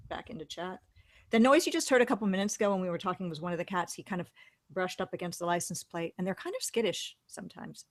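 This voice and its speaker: A woman's voice: on the low side, no echo. Chatty woman host, dry sound. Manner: chatty, reads viewer comments aloud. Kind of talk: casual chat, reading live chat.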